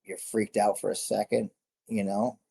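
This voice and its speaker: A middle-aged former MMA fighter, appearing as a guest, tells stories in a casual interview, rambling, correcting himself and laughing a lot. His voice is on the low side, gravelly and mellow with a breathy edge, and he speaks at a moderate pace in a flat delivery.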